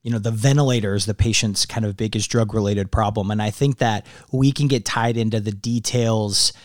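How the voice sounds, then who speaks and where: A man's voice: on the low side, steady tone, a little fast, no echo, clean studio sound. A man hosting a clinical podcast, affirming his guest and asking reflective questions. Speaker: podcast host. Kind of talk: interview conversation.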